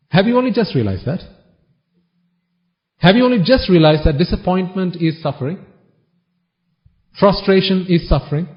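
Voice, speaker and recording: A man's voice: high voice, lively intonation, moderate pace, long pauses. A man giving a Buddhist sermon, teasing his listeners with one question after another in a wry tone. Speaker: Buddhist preacher. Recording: dull lo-fi recording.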